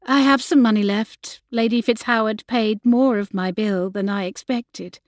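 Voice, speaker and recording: A woman narrator voicing an earnest, kind young woman who speaks gently and reassuringly. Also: on the high side, steady tone, unhurried, no echo, close to an everyday voice.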